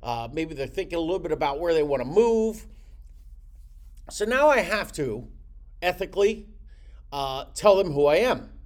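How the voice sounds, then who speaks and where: A man's voice: on the high side, very animated, normal speed, long pauses. A middle-aged man teaching real estate sales, who acts out phone calls in different voices.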